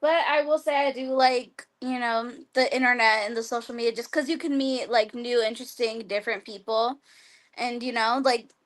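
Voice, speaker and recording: A talkative woman speaks as a guest on a streamed interview over a video call. Her voice sits a little high, and she rambles casually, with constant "like" fillers and easy laughter. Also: steady tone, moderate pace. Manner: chatty, lots of "like", laughs often. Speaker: guest wrestler.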